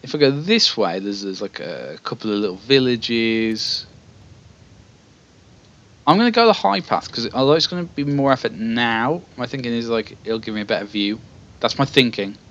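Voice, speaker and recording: Reading a text adventure aloud at normal speed, a man keeps the story even but chats hesitantly between passages in this let's play. His mid-range voice is animated and fairly bright, and the highs are cut off.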